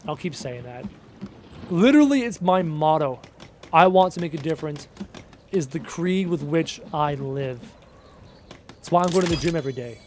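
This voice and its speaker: A man's voice: fairly high pitch, a little fast, pauses often, slight background noise. A man from Canada chatting casually on a live game stream, answering chat and repeating himself with emphasis. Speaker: gaming streamer.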